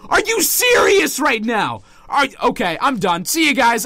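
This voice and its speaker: A man's voice: extremely high pitch, huge pitch swings, measured pace, fairly bright tone, no echo, soft background music. A man giving let's play commentary as a channel host, pleading, exasperated and melodramatic.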